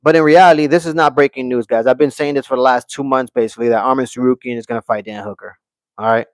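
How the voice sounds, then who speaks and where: A man's voice: medium pitch, fairly even intonation, quick pace, no room sound. A man hosting a live stream, giving brash, opinionated fight commentary, reading chat comments aloud and answering them. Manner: brash, opinionated, repeats "okay" and "guys". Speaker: livestream host.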